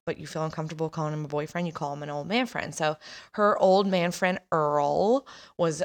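A woman's voice: low voice, steady tone, brisk. A woman in her thirties casually telling a personal story as a podcast host, chatty and laughing, acting out the voices of family members.

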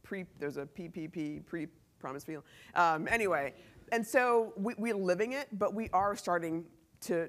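A man speaking as a company CEO in a conference talk before a live audience, telling stories animatedly and acting out the dialogue. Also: on the high side. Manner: animated storytelling, acts out quoted dialogue, laughs often.

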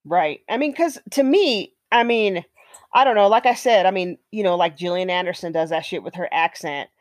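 A woman's voice: on the low side, moderate pace, dry recording. Chatty woman, dry close sound. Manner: chatty, hedging, many fillers and agreeing asides. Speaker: co-host. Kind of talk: casual opinion chat.

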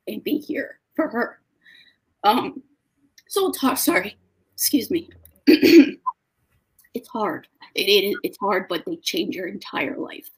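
A young woman, a guest on a video call, telling an emotional story in a casual, tearful way, with lively voices for the people she quotes. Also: mid-range voice, gravelly, husky. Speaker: guest, dog owner.

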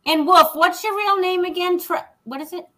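High bright blunt woman guest. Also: moderate pace, low-quality recording. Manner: blunt, laughing, swears freely. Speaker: guest author. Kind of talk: casual podcast chat.

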